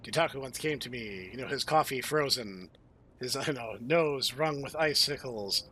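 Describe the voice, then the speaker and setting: A man's voice: medium pitch, normal speed, sharp tone, a little hiss or hum. A man hosting a let's play, reading game text aloud with playful, jokey asides. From United States. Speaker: host.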